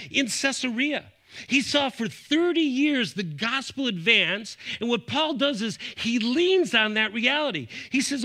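A middle-aged man from Buffalo, New York, preaching a sermon, his voice rising and dropping sharply as he makes his points. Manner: animated preaching, rising and falling in pitch and volume. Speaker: pastor.

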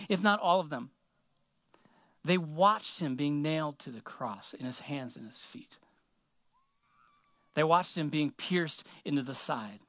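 A man preaching a sermon in a relaxed, conversational way, slowing his words down to stress a point. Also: a little high, no echo. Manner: conversational, slows words down for emphasis.

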